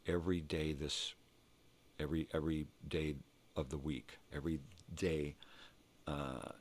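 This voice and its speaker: An older man hosting a rambling morning vlog, talking to himself and cursing freely as he thinks out loud. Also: rumbling low, little pitch movement, a little slow. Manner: rambling, profane, talks to himself. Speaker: vlog host.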